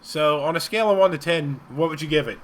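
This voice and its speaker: A man's voice: fairly high pitch, fast, a little hiss or hum. A man co-hosting a live stream show, telling long rambling stories and laughing often. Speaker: co-host. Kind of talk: casual chat.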